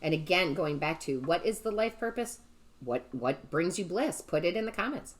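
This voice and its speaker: Speaking at a normal speed in a lowish, expressive voice, a woman who works as a tarot reader and medium does a casual reading for her viewers. She's enthusiastic and gushing, often addresses them as "guys," and keeps tagging on "right?"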